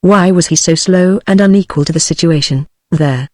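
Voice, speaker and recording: A computer-generated narrator reads the story aloud at a middle pitch. The delivery stays even and mechanical. The sound is dry and close, with no room. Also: moderate pace, dry recording. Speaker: audiobook narrator. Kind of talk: synthetic audiobook narration.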